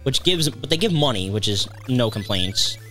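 A young man playing a video game and chatting casually, relaxed, explaining game mechanics with casual swearing. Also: mid-range voice, moderate pace. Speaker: player in a let's play. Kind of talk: casual gaming chat. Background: faint game music.

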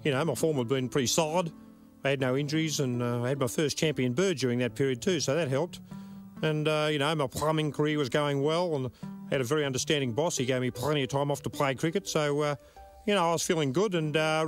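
A man's voice: on the high side, quick pace, soft background music, natural voice. A man playing a genial, bumbling older male cricket commentator who chuckles and hesitates politely.

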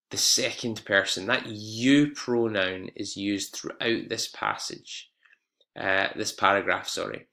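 A man's voice: on the low side, fairly bright tone. A man teaching an exam-prep English lesson, explaining step by step with fillers and self-corrections.

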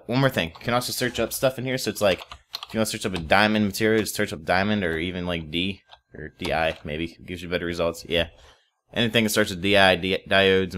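A man's voice: low voice, fairly bright tone, a little hiss or hum. A young man casually commenting while playing a modded block game, rambling, swearing offhand and chatting to viewers and in-game animals. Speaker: Let's Play host.

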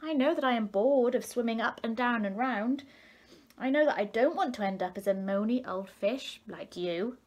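A woman's voice: high voice, sing-song, a little slow, pitched above the performer's own voice. A woman voicing a defiant, curious young boy fish in a storybook reading, speaking with spirited indignation.

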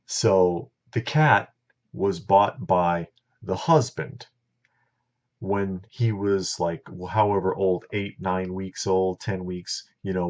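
A man's voice: low voice, darkish tone. A middle-aged man telling a story in a casual, blunt, opinionated monologue, talking straight to his viewers. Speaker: vlogger. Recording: dull lo-fi recording.

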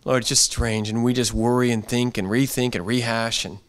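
A man's voice: mid-range voice, little pitch movement, normal speed. A pastor giving an earnest, conversational sermon in a church, often repeating his phrases.

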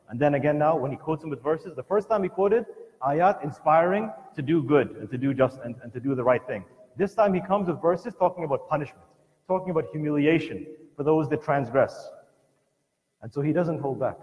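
A man's voice: on the high side, expressive, a little fast, lo-fi sound. A man giving a religious lesson at a family program, telling the story earnestly and emphatically, often restarting his sentences. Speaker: lecturer at a community family program. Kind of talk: religious lesson retelling a scholar's life. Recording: long hall reverb.

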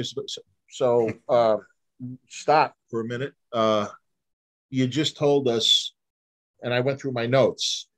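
A man, a private investigator telling vivid case stories in a casual interview, acting out the dialogue. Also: medium pitch. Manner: animated storyteller, acts out quoted dialogue, frequent restarts.

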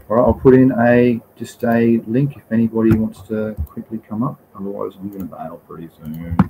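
A man's voice: lowish voice, fairly even intonation, normal speed, noisy background. A man with an Australian accent hosting a live stream and answering chat questions in a laid-back, rambling way, with slang and the odd swear word. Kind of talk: casual live Q&A.

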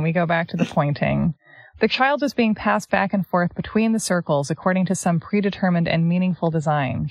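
A woman's voice: fairly low pitch, dry recording. A Canadian woman co-hosting a podcast in casual chat, reading passages aloud and making sarcastic asides. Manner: sarcastic, animated, often laughing. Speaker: podcast co-host.

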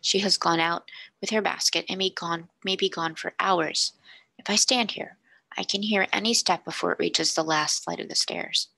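A woman voicing a devoted male servant who speaks in a hushed, solemn, formal whisper. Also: lowish voice, fairly even intonation, moderate pace, gravelly, no echo, heavily acted. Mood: hushed earnest.

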